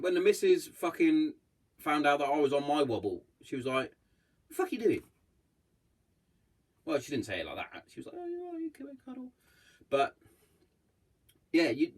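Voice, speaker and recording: A man hosting his own podcast, chatting casually in a blunt, heavily sweary way and acting out bits of what others said. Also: medium pitch. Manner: acts out others' lines in quick voices. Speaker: podcast host. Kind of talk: casual solo podcast chat.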